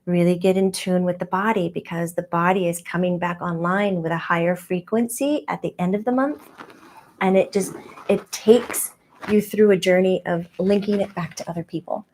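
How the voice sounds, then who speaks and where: A woman's voice: lowish voice, steady tone, normal speed, a little mellow, slight background noise, lightly acted. Woman channeling a giggly childlike spirit guide. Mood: playful. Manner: chatty and rambling, giggly, many "like"s.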